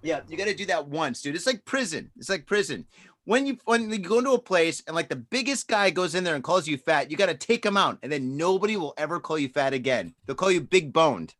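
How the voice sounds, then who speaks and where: A man's voice: a little high, animated, quick pace, few pauses, fairly bright tone. A man co-hosting a podcast, chatting casually and joking with a lot of profanity. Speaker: podcast co-host. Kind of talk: casual chat. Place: Japan.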